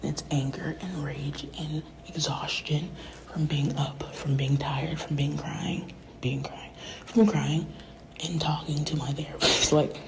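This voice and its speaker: A woman's voice: low-pitched, level tone, measured pace, creaky, noisy background. A woman rapper in a profane, rambling livestream rant that often sinks to a whisper.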